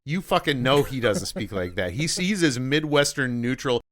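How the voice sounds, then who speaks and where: A man's voice: mid-range voice, expressive, normal speed, a bit bright. A man co-hosting a casual film podcast, ranting animatedly and swearing freely. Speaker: podcast co-host. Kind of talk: casual film-review chat.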